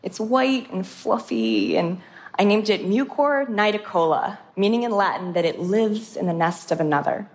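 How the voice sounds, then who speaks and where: A woman's voice: medium pitch, moderate pace, dry recording. A woman microbiologist telling vivid, enthusiastic stories about her research. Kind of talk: storytelling talk, stage and interview.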